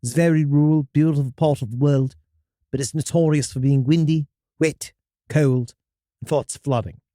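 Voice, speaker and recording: A man's voice: on the high side, fairly even intonation, moderate pace, dark tone, no room sound, studio quality, pitched below the performer's own voice, lightly acted. A man reading a listener's story aloud, voicing a man who tells of a childhood Mothman sighting in a put-on English accent, with dramatic outbursts. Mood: spooky storytelling.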